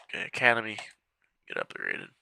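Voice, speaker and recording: A man's voice: lowish voice, wildly swooping pitch, fairly quick, gravelly, pushed and bright. A man giving casual, chatty commentary over a strategy game, muttering to himself as he clicks through menus, with the hiccups. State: has the hiccups. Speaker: game walkthrough creator.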